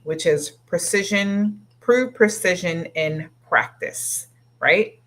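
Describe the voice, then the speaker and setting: A woman's voice: low voice, sharp tone. A middle-aged woman hosting a solo coaching podcast, talking earnestly, often checking in with "right?" and backtracking to explain. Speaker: leadership coach and podcast host.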